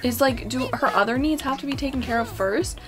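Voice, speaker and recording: A young woman giving casual commentary on a life-sim game, excitable and anxious, talking to the characters on screen. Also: sits high, a little fast, music in the background. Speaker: gaming YouTuber.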